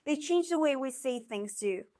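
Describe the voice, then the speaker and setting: A woman teaching a scripted video lesson, speaking clearly and encouragingly and slowing down to sound out example words. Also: sits high, lively intonation, warm tone. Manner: clear, encouraging instructional delivery. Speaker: Spanish teacher.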